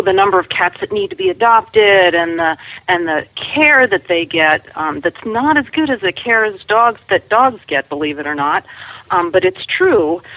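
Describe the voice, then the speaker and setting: A woman's voice: medium pitch, no echo. A woman veterinarian being interviewed on a radio show, earnest and talkative, with fillers. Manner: warm, earnest, with fillers and restarts. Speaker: guest veterinarian. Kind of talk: radio interview over the phone. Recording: tinny phone line.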